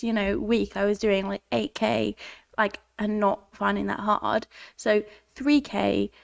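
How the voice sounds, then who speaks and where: A young woman hosting a podcast in a chatty, rambling way, laughing often, her voice congested from a cold. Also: on the high side. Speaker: podcast host. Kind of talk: casual chat.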